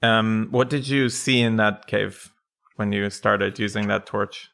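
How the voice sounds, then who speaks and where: A man hosting a podcast, gently and hesitantly asking his guest a question. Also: on the low side, steady tone, measured pace, vocal fry. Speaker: podcast host. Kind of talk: interview questions.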